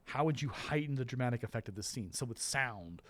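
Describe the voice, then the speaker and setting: A man explains stagecraft to his class in a loose, animated teacherly ramble. His voice sits at an average pitch, and he trips over words now and then and slips into playful voices. He sounds like he is talking in a classroom. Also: brisk, background noise.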